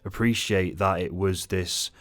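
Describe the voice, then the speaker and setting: A man's voice: low voice, steady tone, unhurried, fairly bright tone. A man angrily ranting through an unscripted film review, swearing often and rambling. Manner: angry, profane, rambling. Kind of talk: unscripted rant-style review.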